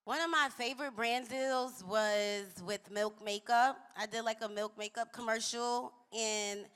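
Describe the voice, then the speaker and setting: A woman with a high voice talks as a panel guest, casual and lively, quick to laugh. The long reverb of a large event hall trails behind her words. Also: smooth. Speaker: panel guest, model and creator. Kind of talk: live panel conversation.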